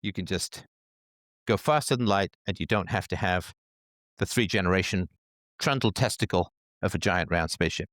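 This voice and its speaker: A man's voice: low-pitched, normal speed, pauses often, fairly bright tone, no echo, clean studio sound. A man hosting a livestream, giving sarcastic commentary with crude humor. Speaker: podcast host.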